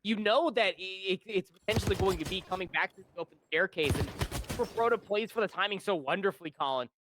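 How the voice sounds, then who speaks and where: An esports caster delivers live color commentary, breaking down plays in a chatty, rambling style full of fillers. His voice sits high and moves at a quick pace against a noisy background.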